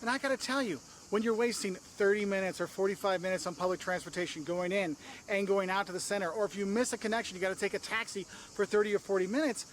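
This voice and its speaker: Fast, high-voiced man giving travel tips. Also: slight background noise. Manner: energetic, emphatic, acts out tourists in quoted voices. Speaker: travel video host. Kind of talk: travel advice vlog.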